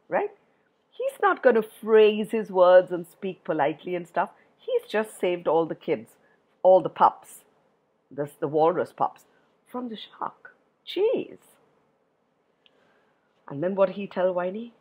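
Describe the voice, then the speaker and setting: A woman tells a rhyming story to children in a slow, unhurried reading. Her voice rises and falls dramatically as she stops to ask her young listeners questions. Her tone is slightly husky. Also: medium pitch. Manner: expressive, asks listeners questions. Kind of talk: reading a poem aloud to children.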